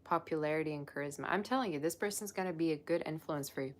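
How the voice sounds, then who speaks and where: A woman's voice: deep voice, fast. A woman giving a live-streamed tarot reading, chatty and effusive as she gushes over the cards. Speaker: tarot reader.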